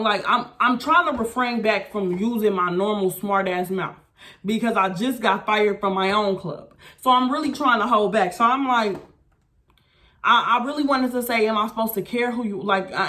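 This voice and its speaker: Mulher contando uma história, sem filtro. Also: female voice, mid-range voice. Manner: blunt, profane, animated retelling. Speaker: vlogger. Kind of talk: storytime vlog rant.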